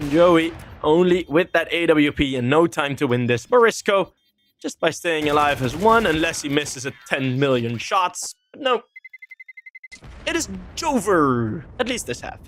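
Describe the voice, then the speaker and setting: A man's voice: a little high, sing-song, a little slow, a bit bright, slight background noise. A man casting a competitive shooter match alone, rambling casually between plays with fillers and small laughs. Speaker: esports caster. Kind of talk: solo live game commentary.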